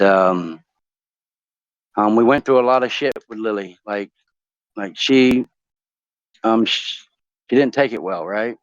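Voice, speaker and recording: A man's voice: medium pitch, clean tone, no room sound, dull audio. A man talking casually on a live stream, rambling and swearing, with many ums and restarts as he talks openly about his family. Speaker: talk show guest.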